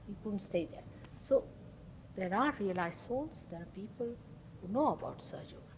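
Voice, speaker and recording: A woman's voice: medium pitch, lively intonation, moderate pace, long pauses, slight background noise, rough recording. A woman, a spiritual teacher, giving an informal talk, telling a story emphatically and acting out the voices of the people in it. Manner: storytelling, acts out quoted dialogue; emphatic, repeats key words.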